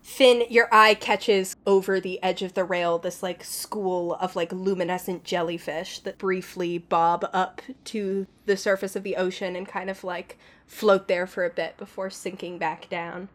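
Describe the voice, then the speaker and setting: A woman running a tabletop game, narrating scenes in a relaxed, loose way. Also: lowish voice, a little slow, few pauses. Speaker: game master.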